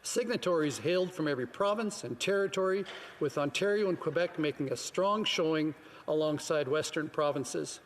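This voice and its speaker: A man's voice: on the high side, moderate pace. A man giving a formal parliamentary speech, firm and pointed, with rhetorical questions. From Canada. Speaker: member of parliament. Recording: long reverb from a large chamber, faint background noise.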